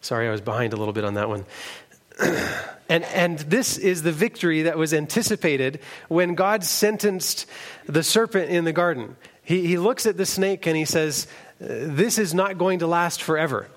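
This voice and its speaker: A man's voice: fairly high pitch, expressive, moderate pace. A man preaching a sermon, reading scripture aloud in an earnest way with the odd restart.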